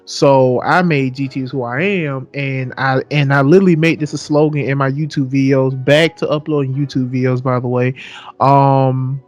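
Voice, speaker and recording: A young man talks loosely on a podcast, circling back on his points and cursing freely. His voice sits at an ordinary middle pitch. A little music plays faintly under the chat. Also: steady tone, normal speed. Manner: rambling, repeats "so yeah", swears freely, mimics other people's voices. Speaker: podcast co-host. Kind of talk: casual chat.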